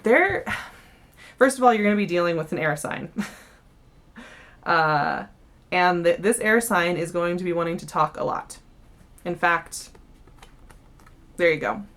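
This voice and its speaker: A young woman talks through a tarot spread in a loose, chatty way, often restarting her sentences. Her voice sits a bit low for a woman. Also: a little slow, pauses often. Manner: chatty, warm-hearted, many fillers and restarts. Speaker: tarot reader. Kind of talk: casual monthly tarot reading.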